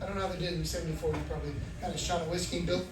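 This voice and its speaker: A man doing stand-up, telling a self-mocking story with animated energy. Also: on the high side, very fast, distant mic, noisy background. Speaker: stand-up comedian. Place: comedy club, indoors. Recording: roomy club from afar, loud crowd. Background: audience laughter.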